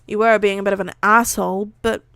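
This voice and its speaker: A woman's voice: mid-range voice, flat delivery, fast talker, vocal fry, fairly bright tone, clean tone, dry recording, clean studio sound. A woman voicing a blunt, exasperated young man telling his friend off.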